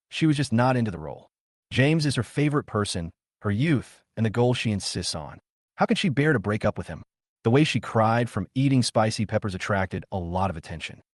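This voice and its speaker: A man narrating a scripted drama story in a steady storytelling manner. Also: medium pitch, no room sound, studio quality.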